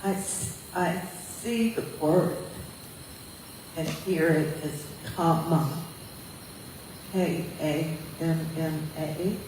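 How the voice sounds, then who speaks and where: Male questioner, unusually high and very slow, distant mic in a booming room. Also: fairly even intonation, a little mellow, heavy reverb, a little hiss or hum. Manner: drawn-out, pausing between words. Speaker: audience member asking a question. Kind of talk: questions at a talk.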